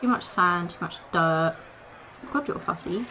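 A woman's voice: lowish voice, animated, unhurried, pushed and bright. Chatty woman playing a game. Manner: chatty, talks to the animals, laughs often. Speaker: gaming video creator. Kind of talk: casual gameplay commentary. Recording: noisy home recording.

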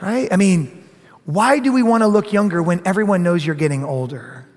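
A middle-aged man preaching a sermon as pastor, animated and often acting out other people's voices. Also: high-pitched, normal speed, long reverb tail. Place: church sanctuary.

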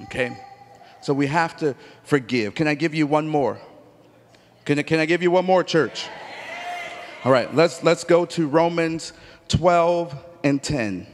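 A man preaching a sermon, telling stories with acted-out dialogue and rising to emphatic near-shouts. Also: on the high side, unhurried, long pauses, a little hiss or hum. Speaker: pastor. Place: church sanctuary. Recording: long church hall reverb.

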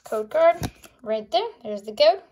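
A woman opening trading cards for a casual vlog, excitable and gasping, often calling out to her viewers, recorded on a phone. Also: high voice, unhurried, a little hiss or hum. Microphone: phone on a charger.

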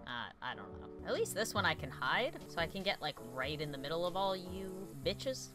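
A young adult woman hosting a let's play with excitable commentary, breaking into shrieks and laughter, on a desk mic at home. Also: lowish voice, normal speed, few pauses, music in the background. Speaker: gaming video host.

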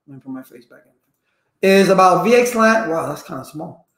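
A man's voice: sits high, animated, brisk, fairly bright tone, echoey room. A man running a live-streamed networking lesson, chatty and repetitive, stopping to greet viewers in the chat. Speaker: networking instructor.

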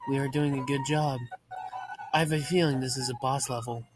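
A man giving profane, deadpan muttered commentary while playing a video game, framed as a mock ASMR video. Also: medium pitch, fairly quick, music in the background. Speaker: gaming channel host.

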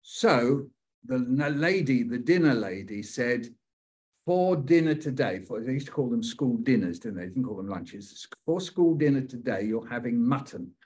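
Husky older British man telling stories. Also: medium pitch, animated, moderate pace, a little mellow. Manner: playful, repeats phrases rhythmically, acts out quoted voices. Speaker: poet leading a writing workshop. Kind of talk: storytelling poetry lesson.

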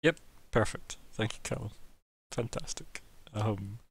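A man's voice: on the low side, unhurried, creaky, husky. A man hosting a tabletop game stream, chatting casually and laughing often.

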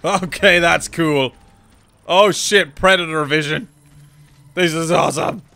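Rowdy gamer, bright voice. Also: male voice, fairly high pitch, slow pace, vocal fry. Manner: rowdy, joking banter at the game, cursing. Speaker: gaming YouTuber. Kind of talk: let's play commentary.

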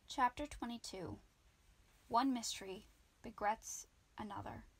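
A woman's voice: medium pitch, measured pace. Woman reading a children's book aloud. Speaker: amateur audiobook reader.

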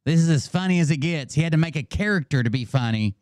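A man's voice: a little high, animated, fast talker, darkish tone, smooth, no echo. A man hosting a casual commentary show, rambling and mocking the clips he plays, talking into a close mic. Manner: rambling, mocking, laughs often. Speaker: host reacting to clips.

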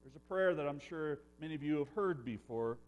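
Animated, earnest male pastor preaching. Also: on the high side, fairly quick, highs cut off. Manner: earnest preaching with swings from loud to hushed. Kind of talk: sermon. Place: church.

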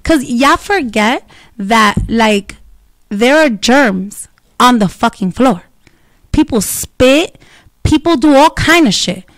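A woman telling a story in blunt, profane, animated casual talk, with Spanish words dropped in. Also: fairly high pitch, slow pace, no echo.

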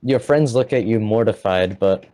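Guy running a tabletop game, low mellow voice, lots of ums and restarts. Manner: halting, full of fillers and restarts. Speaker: game master.

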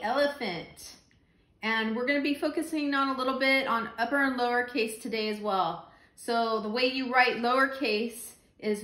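Slow, high-voiced woman teaching phonics. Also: a bit bright, reverberant. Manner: slow and patient, repeating letter sounds. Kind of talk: phonics lesson for young children.

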